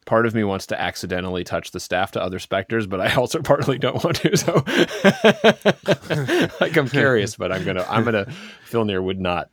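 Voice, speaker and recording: Man, tabletop player, casual chat, low deep voice, dry sound. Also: sing-song, normal speed, fairly bright tone, no echo.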